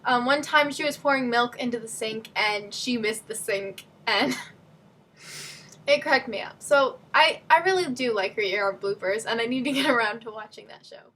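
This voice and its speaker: A young woman chats casually to camera as a fan vlogger, her voice sitting a bit high. She rambles, trips over words and restarts her sentences as she goes. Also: normal speed, fairly bright tone. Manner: rambling, with many fillers and restarts. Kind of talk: casual chat.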